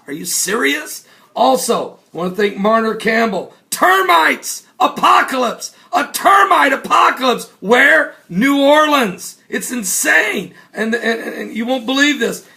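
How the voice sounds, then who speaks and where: An American man hosting a radio talk show, promoting tonight's episode with incredulous outbursts and quick jumps between topics, recorded in a studio. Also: high-pitched, creaky, fairly bright tone. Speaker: radio show host and preacher. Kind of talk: excited show promo monologue.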